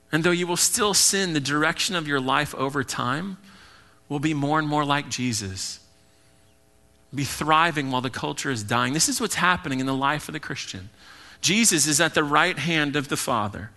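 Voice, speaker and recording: A young man preaching a sermon as pastor, earnest and emphatic, now and then voicing people in quick asides. His voice sits a little high and rings bright and forceful.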